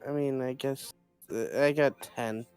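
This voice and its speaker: A tabletop player talking through dice rolls casually, trailing off and hedging. The voice is smooth and resonant at a middle pitch. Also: steady tone, unhurried, a little mellow, soft background music. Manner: hesitant, mumbling about dice rolls. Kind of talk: casual tabletop game chat.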